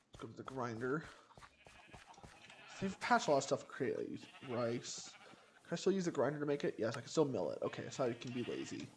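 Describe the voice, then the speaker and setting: A man's voice: mid-range voice, sing-song, fairly quick, darkish tone. Rambling male streamer thinking aloud. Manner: rambling, thinks aloud, trails off mid-word. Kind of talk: casual gameplay commentary. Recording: noisy game stream audio.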